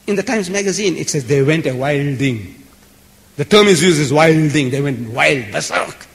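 A man delivers an impassioned lecture to a live audience, hammering his points with repeated lists. His voice sits a little high and swings widely in pitch. The sound rings with the long reverb of a large hall. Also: animated, normal speed, creaky. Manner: emphatic, repetitive, building lists. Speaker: public speaker. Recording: echoey hall.

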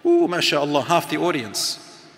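A man's voice: a little high, wildly swooping pitch, unhurried, vocal fry, fairly bright tone, a little hiss or hum. A middle-aged man and teacher giving a motivational talk to a live audience, engaging them with questions and activities. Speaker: speaker and teacher. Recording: long hall reverb.

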